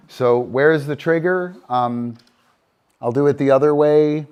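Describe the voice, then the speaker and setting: A middle-aged man teaching dog training live. He praises the dogs softly and then explains each game in a steady, unhurried way, moving nearer to and farther from the mic. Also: a little high, clear, resonant tone, dull audio.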